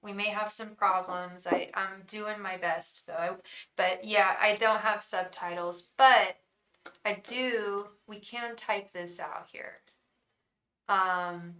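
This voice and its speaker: A mid-range, fairly evenly intoned voice with a sharp tone comes through slowly in a reverberant space. The speaker, an English woman hosting a live tarot stream, chats effusively with viewers in a casual way, greeting them by name and stopping to start her sentences over.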